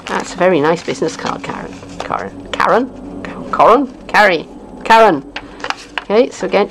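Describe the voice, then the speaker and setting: A woman's voice: on the low side, gravelly, background noise. A middle-aged woman with a Welsh accent, chatting casually as a craft demonstrator, rambling along with lots of fillers and little chuckles. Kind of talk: casual unboxing chat.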